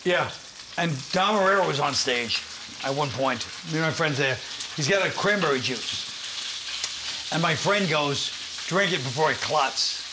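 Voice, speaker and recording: A man's voice: on the high side, lively intonation, a little slow, pauses often, very noisy. An older man, a comedian guest, telling stories in a wry, dry way in casual chat. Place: kitchen with food frying. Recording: frying and sizzling behind.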